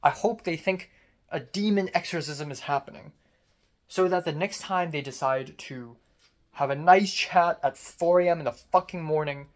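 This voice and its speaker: A man ranting on a vlog, angry and swearing, mocking himself with sarcasm. His voice is strained and deepened from screaming. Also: moderate pace. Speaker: vlogger. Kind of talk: personal rant.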